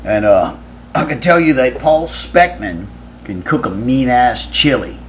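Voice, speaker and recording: Male streamer, casual profane storyteller, middle pitch, light background noise. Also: animated, measured pace. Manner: rambling, profane, with frequent restarts. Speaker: musician answering fan questions on a live stream.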